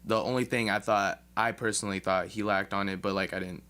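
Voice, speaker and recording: A man's voice: lowish voice, steady tone, a little fast, pushed and bright, clear, resonant tone. A man being interviewed as a guest rapper, talking casually and hesitantly with many fillers. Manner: hesitant, many ums and likes.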